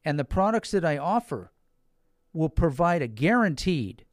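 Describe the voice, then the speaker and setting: A financial advisor explains financial products in a folksy, repetitive sales style, addressing the listener directly and stressing key words. His slightly high voice moves through big pitch swings at a measured pace, captured in a dry, clean studio recording.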